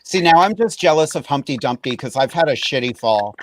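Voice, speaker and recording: A man's voice: fairly high pitch, expressive, fairly quick, slight background noise, rough recording. A man hosting a casual chat, playful and chatty. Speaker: host, drag queen.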